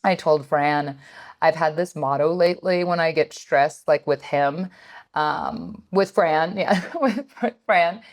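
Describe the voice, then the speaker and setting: A woman in her thirties co-hosting a podcast, telling family stories in a casual, animated chat with lots of fillers. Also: sits low, slow. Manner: animated storytelling, many fillers. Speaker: podcast co-host.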